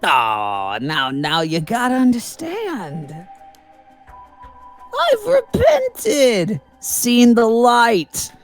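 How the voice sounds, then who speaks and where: A woman's voice: a little high, huge pitch swings, drawn-out words, soft background music, pitched above the performer's own voice, full character voice. A woman voicing a bitter, vengeful male ex-convict while reading game dialogue, snarling, taunting and swearing. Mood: mock-sincere.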